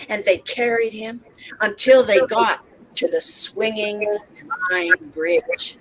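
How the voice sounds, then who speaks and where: A woman storyteller with a medium-pitched, slow voice tells folk tales expressively to teachers over a video call from her home setup. It's a participation storytelling session held online, and she acts out sounds and voices as she goes.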